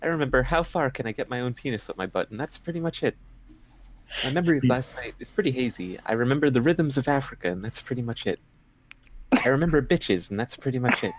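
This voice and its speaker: A man's voice: mid-range voice, lively intonation, fast. A man casually reading game cards aloud to friends and laughing at the answers. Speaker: streamer playing cards. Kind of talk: casual chat over a card game.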